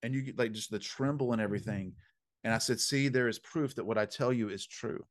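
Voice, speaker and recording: A man telling a story as an interview guest, animated and emphatic, with punchy slang and preacherly phrasing. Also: medium pitch, a little fast. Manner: preacherly, faith-filled phrasing. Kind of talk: conversational storytelling.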